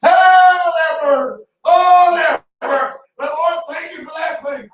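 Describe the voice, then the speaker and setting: Guy acting out a hurt deacon yelling thanks to the lord, high and loud, echoey church. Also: fairly even intonation, fairly quick, recorded from a distance. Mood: pained praise. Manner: shouting in pained thanks. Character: injured older deacon, loudly praising God.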